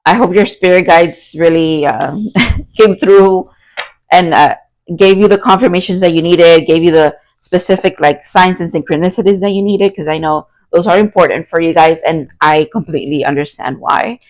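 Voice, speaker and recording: A young woman giving a tarot card reading to her viewers, excitable and prone to loud outbursts and laughter. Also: on the low side, normal speed, rough recording. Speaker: tarot reader.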